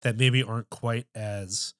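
A man's voice: medium pitch, steady tone, a bit bright, no room sound, clean studio sound. A man co-hosting a film podcast in casual discussion, thinking aloud with restarts and casual swearing. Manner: thoughtful, halting, many restarts and fillers, swears casually. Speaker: podcast co-host.

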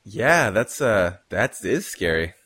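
A man's voice: on the low side, big pitch swings, takes it slowly, fairly bright tone, breathy edge, no echo, studio quality. A man in casual chat, reacting briefly and asking clarifying questions.

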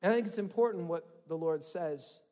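A man's voice: on the high side, normal speed, dark tone. A male pastor giving a conversational sermon in a church, acting out quoted inner voices and often repeating words. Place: church hall. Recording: long hall reverb with faint music.

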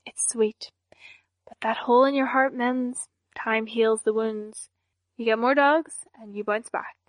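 A young villainess with no emotion in her voice, every threat delivered in a flat deadpan, as a woman reads her in an audiobook. The voice sits fairly high, recorded close and dry. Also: unhurried, no echo, close to an everyday voice. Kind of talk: audiobook character voice.

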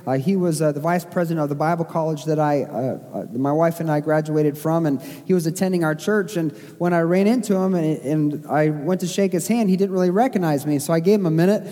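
Male pastor, high and soft-toned, casual sermon delivery with filler-heavy asides, recorded in a long-echo church hall. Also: a little fast, hardly any pauses. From Missouri. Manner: conversational preaching, self-deprecating asides, frequent fillers.

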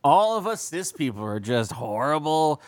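A man co-hosting a podcast, talking with a lively, swooping pitch. He leans on fillers, swears and plays up mock outrage. His voice sounds close and dry. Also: moderate pace, no echo. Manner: animated, filler-heavy, swearing, mock indignation. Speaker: podcast co-host. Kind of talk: casual chat.

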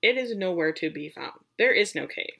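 A woman co-hosting a casual chat, retelling a film plot in a relaxed, chatty way. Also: on the low side, moderate pace, vocal fry, breathy edge.

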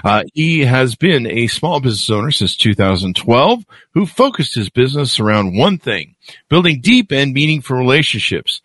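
A man's voice: medium pitch, sing-song, moderate pace, fairly bright tone, dry recording. A man hosting an interview show who introduces his guest and trades self-deprecating jokes. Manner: jokey, self-deprecating banter. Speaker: show host. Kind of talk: casual interview conversation.

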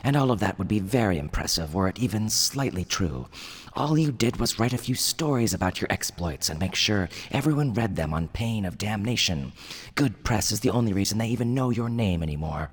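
A man's voice: on the low side, animated, a little fast, slightly rough, pitched above the performer's own voice. A man voicing a haughty cosmic being made of coppery bubbles, with a hissing metallic timbre and a condescending manner. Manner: aloof, condescending.

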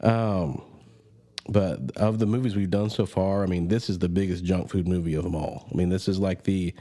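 Deep, mellow laid-back podcast host. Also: male voice, fairly even intonation, normal speed. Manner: laid-back, rambling with fillers. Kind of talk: casual movie podcast chat.

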